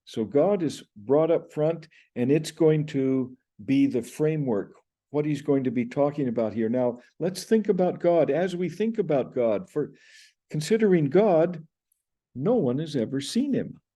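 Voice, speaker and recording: A middle-aged man giving a measured, analytical lesson on Greek grammar, reading Greek phrases aloud between explanations. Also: on the high side, expressive, warm tone. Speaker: Greek language teacher. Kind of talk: scholarly explanation of a text.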